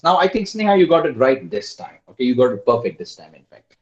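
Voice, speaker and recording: A man's voice: medium pitch, fast talker. Man, online class teacher, quizzes students, roomy echo. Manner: lively, quizzes students by name. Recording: roomy, dull lo-fi online call audio.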